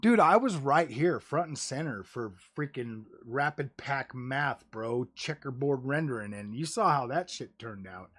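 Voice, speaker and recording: A man's voice: medium pitch, animated, unhurried, few pauses, a bit bright. A man streaming live, rambling casually about game consoles, saying "dude" and "bro" a lot and cursing now and then. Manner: jokey, drops into mocking voices. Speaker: gaming streamer. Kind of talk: casual livestream chat.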